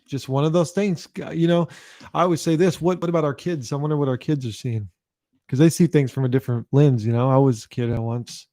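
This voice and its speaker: A man with a medium-pitched, dark voice hosts his own show, talking loosely and casually to camera in a dry, clean studio recording. He swears a lot and keeps repeating phrases.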